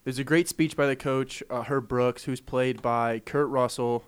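Young male podcast co-host, playful, laughs a lot, average pitch. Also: a little slow, clear, resonant tone. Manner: animated, laughs often, playful. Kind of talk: casual chat.

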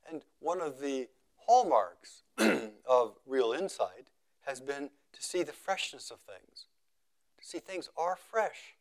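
Calm male meditation teacher, trailing off softly. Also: medium pitch. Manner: slow, measured, repeating phrases for emphasis; voice often trailing off quietly at phrase ends. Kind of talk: contemplative dharma talk.

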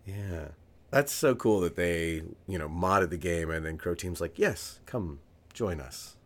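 A man co-hosting a podcast in relaxed casual chat, his voice hoarse from having lost it. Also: sits low, a little slow. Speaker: podcast co-host, voice actor.

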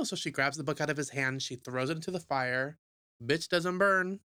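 A young adult podcast co-host recapping a horror movie in casual, profane, jokey talk, acting out the characters in quick asides. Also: mid-range voice, clean tone, no echo, clean studio sound. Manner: animated, profane, jokey storytelling.

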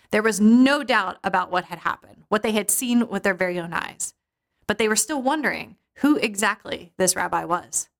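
Woman preacher, scripture reading and expressive storytelling. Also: mid-range voice.

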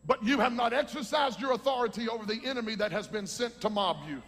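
Man, preacher, very high voice, husky, fervent sermon, reverberant hall. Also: fast, hardly any pauses. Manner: fervent, rising to shouts, teaching from scripture. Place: large hall with a congregation.

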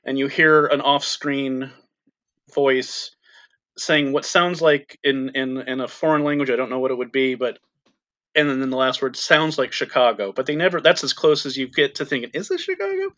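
A man's voice: medium pitch, fairly even intonation, normal speed, fairly bright tone. A man co-hosting a casual film podcast, talking thoughtfully with frequent ums and restarts. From Irish extraction. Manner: thoughtful, hesitant, many fillers. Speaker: podcast co-host.

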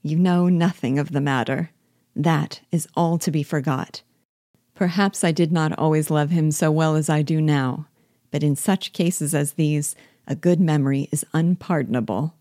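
A woman reading the part of a witty, lively young woman in a storybook reading, speaking in a wry, earnest way. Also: low-pitched, normal speed, dry recording, studio quality, natural voice. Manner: wry, earnest, gently teasing.

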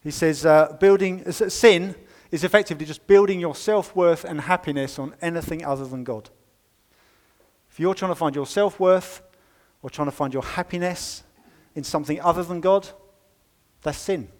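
A man preaching a sermon in a church, reading scripture and explaining it in a wry, conversational way, with sudden loud stresses and quiet asides. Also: a little high, moderate pace. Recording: long reverb of a church hall.

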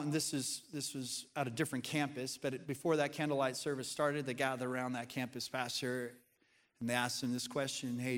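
A male pastor, preaching a sermon and telling stories in an animated way to a church audience. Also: a little high, big-room sound. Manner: storytelling, animated, acts out quoted voices. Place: church sanctuary.

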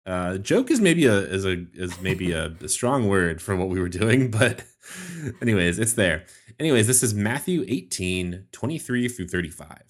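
Man, very low voice, podcast co-host, casual chat, laughs a lot, restarts sentences. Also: big pitch swings, moderate pace. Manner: chatty, laughs often, many restarts. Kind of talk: casual discussion and scripture reading.

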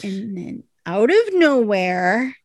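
A woman co-hosting a podcast, casually retelling a TV episode with lively asides. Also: mid-range voice, takes it slowly, no echo. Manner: animated retelling, quoting characters in voices. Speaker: podcast co-host recapping a TV episode. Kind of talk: casual chat. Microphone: desk microphone.

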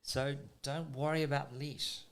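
A man with a South African accent, a surf coach explaining technique in casual talk, getting excited and using everyday comparisons. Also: medium pitch, unhurried, vocal fry.

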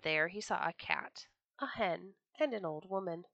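Female storyteller, children's book reading, expressive, bright and dry. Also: lowish voice, a little slow, no echo.

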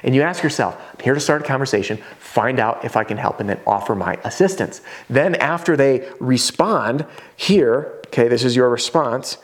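An energetic man in his thirties talks through a sales lesson at a whiteboard. His voice sits in an ordinary middle range. He now and then slips into quick impressions of homeowners. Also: medium pitch. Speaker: roofing sales trainer.

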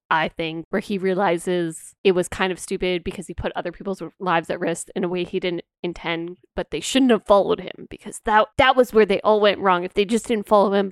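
A woman's voice: medium pitch, no echo, studio quality. Rambling, enthusiastic woman podcast co-host. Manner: rambling, enthusiastic, restarts her sentences. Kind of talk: casual book discussion.

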